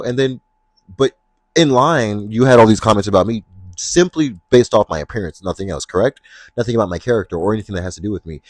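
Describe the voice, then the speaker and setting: A young adult man hosting his own podcast, talking casually and with sass in a deep voice. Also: no room sound. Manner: sassy, expressive, slips into playful put-on voices when retelling scenes. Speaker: podcast host. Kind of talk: casual solo podcast talk.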